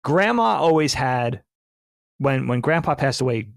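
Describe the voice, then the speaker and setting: Enthusiastic male podcast co-host, gravelly texture, dry close mic. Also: mid-range voice, a little slow, no echo. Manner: animated, enthusiastic, laughs often. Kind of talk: casual podcast film discussion.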